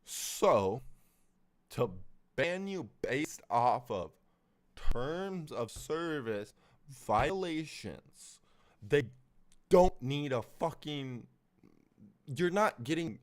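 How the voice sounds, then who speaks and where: A man's voice: a little high, lively intonation, drawn-out words, pauses often. A man streaming a reaction, angrily breaking down a clip and swearing constantly as he rants. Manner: angry, swears heavily, talks over the clip. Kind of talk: profane live reaction commentary.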